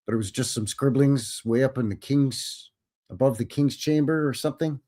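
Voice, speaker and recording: A man's voice: medium pitch, normal speed, mellow. A man hosting a live show, chatting casually and greeting viewers by name. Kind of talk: casual livestream chat.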